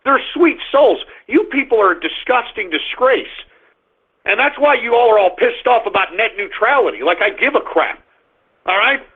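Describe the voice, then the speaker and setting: A man hosting a radio talk show, ranting aggressively and shouting insults at his listeners. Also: very high voice, lively intonation, normal speed, slightly rough. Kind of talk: angry ranting monologue. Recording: muffled phone-line radio stream.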